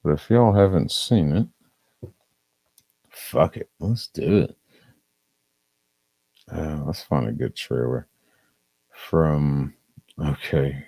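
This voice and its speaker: A man's voice: a bass voice, animated, takes it slowly, long pauses, darkish tone, dry recording. A man streaming a casual, profane movie review, rambling and leaning on "um" and "uh". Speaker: live streamer.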